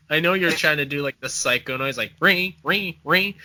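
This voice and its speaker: A man's voice: fairly high pitch, a little slow, sharp tone, no room sound. A young man co-hosting a casual chat show, cracking crude jokes and laughing often. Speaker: podcast co-host.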